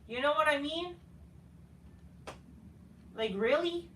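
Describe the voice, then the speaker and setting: A man's voice: very high-pitched, takes it slowly, bright, forceful tone. A man giving a casual ranting review of a wrestling show, profane, dismissive and rambling. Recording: roomy, faint noise, from a distance.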